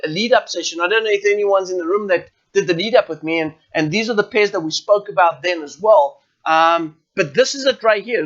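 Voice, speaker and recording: A man's voice: high-pitched, a bit bright, highs cut off. A South African man walking viewers through a live trading chart session, talking informally and often checking in with them. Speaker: forex trading educator. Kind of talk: live trading webinar walkthrough.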